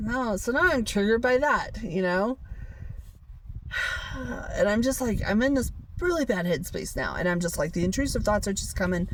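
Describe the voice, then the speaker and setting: A woman's voice: lowish voice, distant mic, a little hiss or hum. A woman vlogger telling a personal story in a casual, rambling way, full of fillers and laughs. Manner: rambling, many fillers like "you know" and "like", laughs often. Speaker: hiker vlogger.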